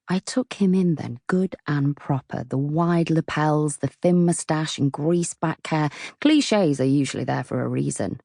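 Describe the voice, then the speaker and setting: Low, gravelly woman reading a novel. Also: measured pace, few pauses, warm tone, no echo, clean studio sound. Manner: cheeky, wry storytelling. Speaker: audiobook narrator. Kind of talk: first-person audiobook narration.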